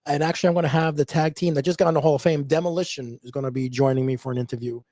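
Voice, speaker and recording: Brief: quick, dark-toned man, easygoing podcast host, dry close sound. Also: on the high side, fairly even intonation, no echo. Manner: easygoing, agreeable, many short acknowledgements. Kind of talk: casual chat, reading viewer comments.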